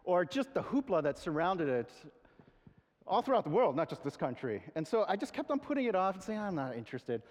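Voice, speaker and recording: Man, pastor, sermon, earnest conversational delivery, fairly high voice, long hall reverb. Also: very animated, brisk.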